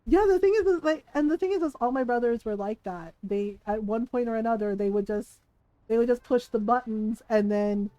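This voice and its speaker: A woman streamer chatting casually while gaming, an animated storyteller who swears freely and laughs often. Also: on the high side, fairly quick, no room sound, highs cut off. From Filipino family. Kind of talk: casual live-stream chat.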